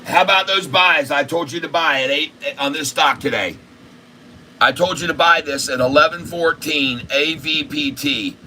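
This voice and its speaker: A man hosting a live day-trading stream, excitable and repetitive, cracking crude jokes and bursting out loudly. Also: fairly high pitch, normal speed, slight background noise. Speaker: day-trading livestream host.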